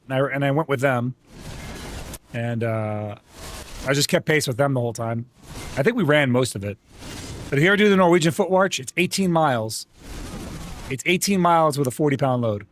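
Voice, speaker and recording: A man's voice: medium pitch, slight background noise. Chatty male streamer telling war stories. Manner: storytelling, joking, swearing. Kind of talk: casual chat with livestream viewers.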